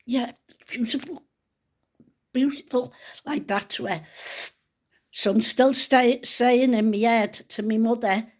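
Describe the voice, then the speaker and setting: Older woman, emotional storyteller, hushed and close to tears. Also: a little high, fairly even intonation, measured pace. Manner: hushed and tearful at times, drops to whispers. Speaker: grandmother telling a personal story.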